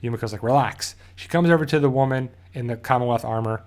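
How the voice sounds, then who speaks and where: Male reviewer at an everyday mid pitch, loosely talking through an episode recap and correcting himself along the way. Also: fast talker, darkish tone. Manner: rambling, self-correcting, loosely paraphrases scenes. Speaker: TV show reviewer.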